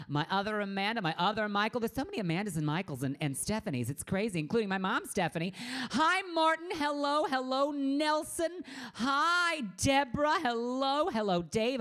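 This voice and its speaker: A woman's voice: medium pitch, animated, fairly quick, few pauses. A middle-aged woman hosts her own live stream from a room at home. She chats in a bubbly, campy way, welcoming her viewers one by one. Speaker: singer hosting a live stream. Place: home room with a green screen.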